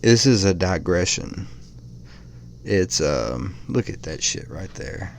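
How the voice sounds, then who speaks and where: A man's voice: deep voice, sing-song, takes it slowly, creaky, a little hiss or hum. Blunt, profane man reacting on a podcast. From American South. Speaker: podcast host. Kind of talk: casual reaction commentary.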